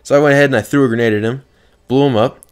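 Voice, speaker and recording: A man's voice: medium pitch, fairly even intonation, rapid-fire, clean tone. A young man telling a story from an online game in a casual, profane vlog. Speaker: gaming video creator.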